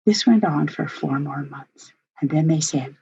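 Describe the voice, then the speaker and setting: A woman's voice: low-pitched, unhurried, warm tone, a little hiss or hum. An older woman, a grandmother, telling a personal family story in an earnest, heartfelt way as a workshop presenter. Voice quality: husky. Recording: dull lo-fi recording.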